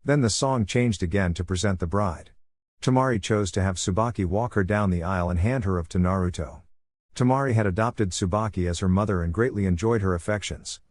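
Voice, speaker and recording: A man narrating a fan fiction story in an even storybook reading. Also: lowish voice, dry recording.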